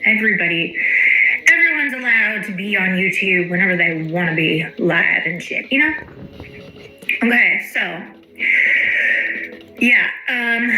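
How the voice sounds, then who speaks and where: A woman's voice: mid-range voice, sharp tone. A woman hosting a casual livestream, greeting viewers by name and swearing freely. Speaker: livestream host. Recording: echoey room with faint music.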